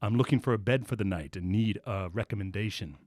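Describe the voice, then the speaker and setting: A man reading the lines of a cocky womanizing Italian seducer in a low, hushed voice, in a comedy podcast reading. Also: fast, no room sound, close to an everyday voice. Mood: smooth.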